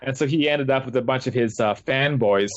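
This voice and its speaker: A man's voice: medium pitch, brisk. A man, a guest author, telling his experiences in a casual interview with lots of fillers and restarts. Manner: rambling, with many fillers and restarts. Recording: dull lo-fi dry call audio.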